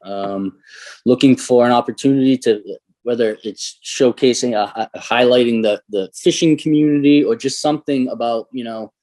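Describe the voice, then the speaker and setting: Man from Massachusetts, podcast guest, reflective, hesitant, fillers, mid pitch. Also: moderate pace, a little mellow. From New Bedford, Massachusetts. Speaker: guest artist. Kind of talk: casual interview answers.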